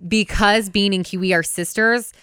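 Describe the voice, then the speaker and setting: A young adult woman co-hosting a podcast in casual chat, telling stories in an upbeat, animated way. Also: medium pitch, normal speed, clear, resonant tone, no room sound, clean studio sound. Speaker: podcast co-host.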